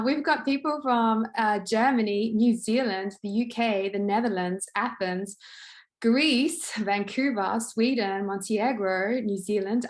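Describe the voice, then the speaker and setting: Effusive woman guiding a live meditation. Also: mid-range voice. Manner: effusive, repeats words, ends with "right?"; laughs often while talking. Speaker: energy healer and meditation guide. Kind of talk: live online meditation introduction.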